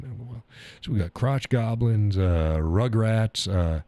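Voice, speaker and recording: Tired, crude older male host in his 60s, low voice, dry close mic. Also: measured pace, dark tone, dry recording. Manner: crude, rambling, reads chat aloud, laughs often. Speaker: live stream host. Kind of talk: casual live-stream chat.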